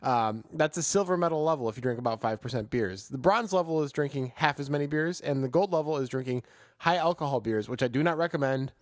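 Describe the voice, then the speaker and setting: A man's voice: mid-range voice, fast, no room sound. A man co-hosting a casual sports podcast, laid-back and wry, a little tipsy from beer. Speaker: podcast co-host.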